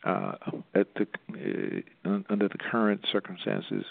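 Gravelly man, halting speech, phone line. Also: on the low side, level tone. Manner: halting, many restarts and fillers. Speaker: nonprofit representative. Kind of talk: interview over the phone.

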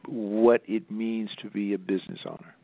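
A man from a nonprofit answering interview questions, speaking haltingly with many restarts and fillers. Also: lowish voice, fairly even intonation, no room sound. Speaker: nonprofit representative. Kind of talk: interview over the phone. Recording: tinny phone line.

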